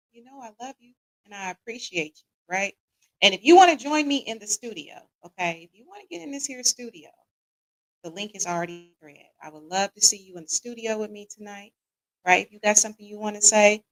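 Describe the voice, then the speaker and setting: A medium-pitched American woman hosts a chatty, live-streamed relationship talk show, welcoming viewers by name. She repeatedly tags her lines with "right?" and speaks casual, Southern-leaning slang, saying "y'all." The recording is low quality.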